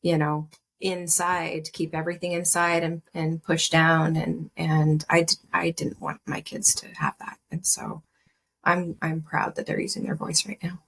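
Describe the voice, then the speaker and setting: A woman speaking as a podcast guest, soft and reflective, often hesitating and restarting her sentences. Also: low voice, level tone, a little slow, vocal fry, slightly rough. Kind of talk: personal conversation.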